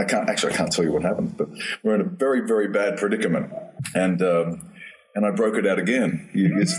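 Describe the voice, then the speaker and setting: A male actor telling a rambling anecdote in an interview, often repeating words and restarting. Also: sits low. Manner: rambling, repeats words and restarts, laughs at his own story. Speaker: actor guest. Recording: distant from the mic.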